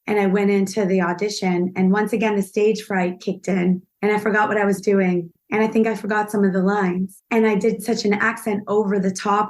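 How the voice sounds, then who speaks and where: A woman, an actress, telling lively, self-deprecating stories as a podcast guest. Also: mid-range voice, a little fast, hardly any pauses. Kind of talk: podcast interview storytelling.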